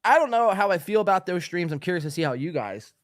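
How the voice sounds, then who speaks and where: A podcast host reads out viewer comments on a live-streamed show, yelling loudly, profanely and loosely with hyped energy while sounding out of breath. His voice is high-pitched with big pitch swings and a fast pace. The studio mic gives a clean sound with no room echo.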